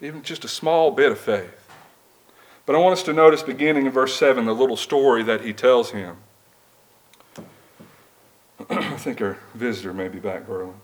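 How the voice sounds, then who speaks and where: A man's voice: mid-range voice, normal speed, long pauses, low-quality recording. A male preacher giving a sermon, reading scripture aloud and asking the congregation plain rhetorical questions.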